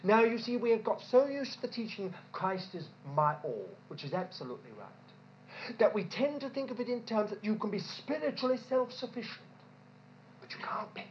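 A woman preaches a sermon, her pitch swinging widely as she leans into rhetorical questions and repeats key points for emphasis. The recording sounds dull and lo-fi, with a faint ambient hiss behind her. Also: sing-song, moderate pace.

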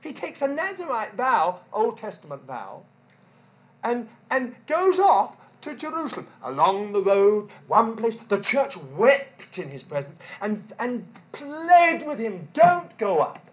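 A woman preaching a sermon in an animated way, asking rhetorical questions and repeating points for emphasis. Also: on the high side, measured pace. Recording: dull lo-fi recording.

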